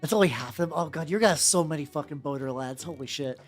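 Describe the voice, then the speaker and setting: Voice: medium pitch, fast talker. A VTuber who paints miniatures, chatting casually and profanely with live-stream viewers while working, often restarting sentences. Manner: rambling and profane, with frequent self-restarts. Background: faint background music.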